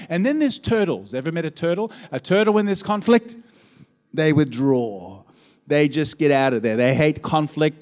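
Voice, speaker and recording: A man preaching a sermon as pastor, telling stories with lively swings and calling out to his congregation. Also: medium pitch. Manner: animated storytelling with audience call-outs. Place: church auditorium. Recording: long hall reverb.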